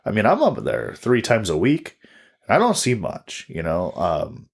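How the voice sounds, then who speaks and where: A man's voice: lowish voice, wildly swooping pitch, unhurried, creaky, breathy edge. A man in his twenties, a comedian and podcast co-host, telling a story in casual chat, swearing freely and acting out quotes. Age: 20s.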